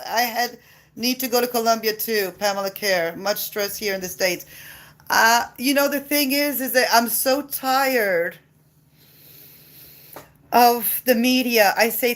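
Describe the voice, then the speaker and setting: A woman's voice: on the high side, a little slow, a bit bright. Woman, impassioned rant, blunt and profane, repetitive delivery. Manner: passionate, blunt, swears freely, repeats herself. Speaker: mother ranting on video. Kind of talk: heated monologue rant.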